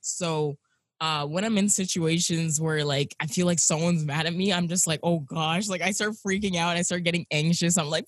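A woman co-hosting a podcast in casual chat, lively and acting out her own quoted speech. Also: lowish voice, normal speed, dry recording, clean studio sound. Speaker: podcast co-host.

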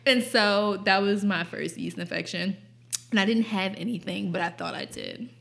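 A woman's voice: medium pitch, normal speed, creaky, a bit bright. A young woman hosting a podcast, telling a personal story in casual chat, blunt and profane and often laughing. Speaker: podcast host.

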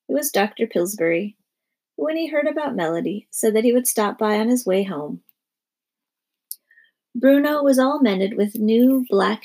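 A woman reading a children's storybook aloud, gently voicing each character's lines. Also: medium pitch, gravelly, slightly rough. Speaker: narrator.

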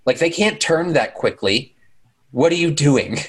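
A man's voice: on the high side, animated, a little slow, husky. A man casually recapping a movie on a podcast, rambling and sarcastic, swearing and mimicking the characters. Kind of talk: casual chat.

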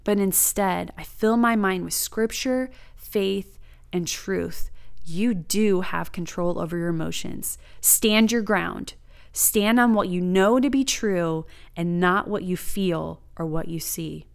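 A woman's voice: lowish voice, slow, gravelly, clean tone. A woman sharing a personal faith testimony and practical teaching in an earnest, emphatic way. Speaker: Christian speaker.

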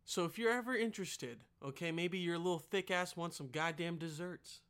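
A man hosting a podcast, doing a rowdy, profane comedic ad read with sudden loud outbursts. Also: on the high side, normal speed, clean tone. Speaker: podcast host.

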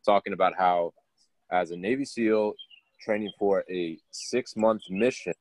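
Deep voice guy cohosting a podcast, thoughtful, stumbles and restarts, dry sound. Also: moderate pace, dry recording. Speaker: podcast co-host. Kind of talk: casual podcast discussion.

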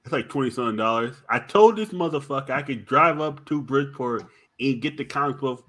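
A man's voice: mid-range voice, a little fast, fairly bright tone. A man hosting a streamed podcast, telling crude stories in casual chat. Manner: crude joking storyteller. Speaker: podcast host.

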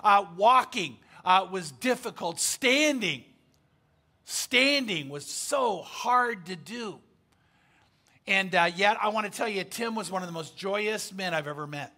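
A man's voice: high voice, expressive, a little slow, pushed and bright. A man preaching a sermon, telling a story in an emphatic, conversational way with frequent fillers. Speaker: pastor.

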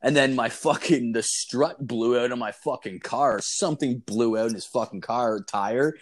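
A man's voice: medium pitch, moderate pace. A young man co-hosting a podcast, telling rambling, profane stories in casual chat and laughing through them. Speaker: podcast co-host.

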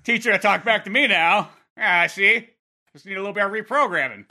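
A man's voice: sits high, brisk, bright, forceful tone, pitched above the performer's own voice, full character voice. A man voicing a brash, crude space-pirate rogue with swaggering bravado.

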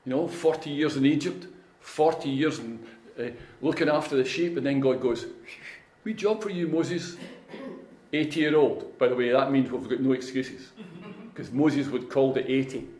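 A man's voice: medium pitch, normal speed, darkish tone. A middle-aged man preaching a sermon, telling humorous stories in a folksy, conversational way. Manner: folksy storytelling with humorous anecdotes. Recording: echoey room.

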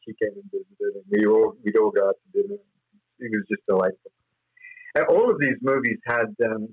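A man's voice: fairly low pitch, slightly rough, muffled recording. A man as interview guest, telling rambling stories with frequent laughs and fillers. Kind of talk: anecdotal interview storytelling.

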